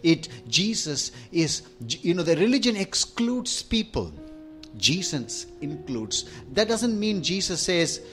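A man's voice: on the high side, big pitch swings, measured pace, fairly bright tone, faint music behind. A man preaching a sermon in an emphatic, rhythmic storytelling manner.

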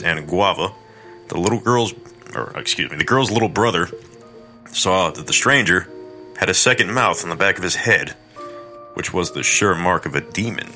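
A man narrates a horror story podcast in a deep voice with a bright, forceful edge. He breaks up the tale with crude, irreverent jokes. Faint music plays underneath.

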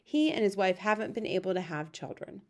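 A woman's voice: mid-range voice, a little fast, lightly acted. Woman reading as a polite headmistress. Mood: caring. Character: polite middle-aged village headmistress.

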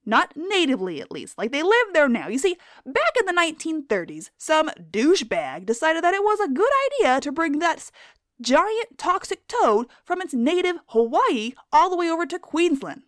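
High, lively woman with a profane, theatrical delivery. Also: moderate pace, no echo, studio quality. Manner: theatrical, profane, spells words out loud. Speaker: science video host. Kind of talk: scripted comedic wildlife narration.

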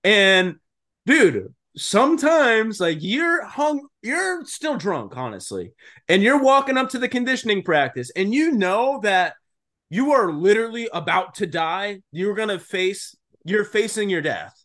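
High-voiced young man, animated and swearing. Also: unhurried. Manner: animated, swears freely, lots of "dude" and "like". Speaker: podcast co-host. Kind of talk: casual podcast chat.

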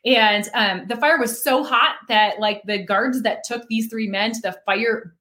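A woman who is a guest on a casual faith talk show, earnestly sharing her testimony with many fillers and soft laughs. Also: a little high, unhurried. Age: adult with children.

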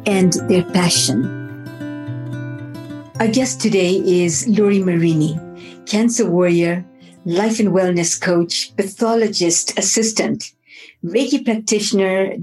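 A woman hosting a podcast, reading a measured introduction of her guest and then asking her questions. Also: medium pitch, darkish tone. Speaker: podcast host. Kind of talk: scripted introduction, then interview. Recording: faint guitar music behind.

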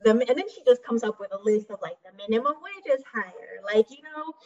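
A woman's voice: a little high, expressive, brisk, a little mellow. A woman from Mexico, a teacher and podcast guest, chatting casually with many filler words. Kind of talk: casual conversational storytelling. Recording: muffled distant remote audio.

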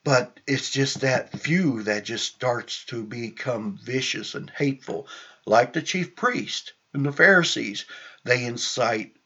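Slow-spoken preacher man, husky voice. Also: medium pitch, a bit bright. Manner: slow, conversational, with frequent restarts and asides. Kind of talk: sermon with scripture reading. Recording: dull lo-fi recording.

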